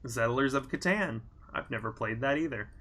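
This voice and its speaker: A man's voice: medium pitch, animated, moderate pace, a bit bright. A man from Southern Indiana hosting a let's play, chatting casually and rambling as he plays and reads chat. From Southern Indiana, USA. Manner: rambling, self-deprecating, reads chat aloud. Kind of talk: casual gameplay commentary.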